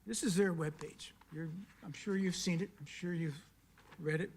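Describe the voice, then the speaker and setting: In a council chamber, a man from South Carolina makes an emphatic public comment at a county council meeting, leaning on pointed questions and repeated key words. His voice is a little high, husky, and darkish in tone, delivered steadily at a moderate pace.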